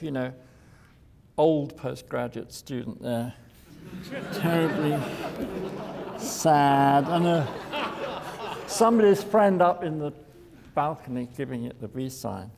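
A man's voice: fairly high pitch, animated, slow, gravelly, pauses often, darkish tone, a faint crowd, a little hiss or hum. An older man, an architect, giving an informal lecture in a wry, digressive way, chuckling at his own jokes. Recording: lecture hall reverb.

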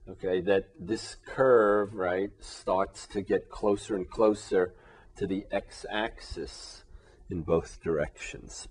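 A man's voice: low-pitched, slightly rough. A man teaching calculus to a class at the board, often asking the students "right?" and "all right?" as he works through the example. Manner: checks in often with rhetorical questions; moves about the board, voice fading as he turns away. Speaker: math teacher. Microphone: camera in the room.

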